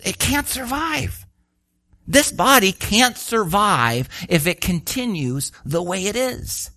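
A man preaching a sermon, animated and full of rhetorical questions, acting out the voices he quotes. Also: sits high, takes it slowly, dry recording, studio quality.

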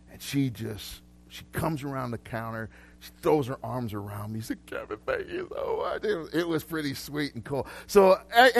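A man preaching to a live congregation in a relaxed, conversational way. He laughs easily and often restarts sentences. His pitch sits in a middle range for a man. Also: creaky. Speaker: pastor. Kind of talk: casual live sermon with prophetic words. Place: church hall with congregation.

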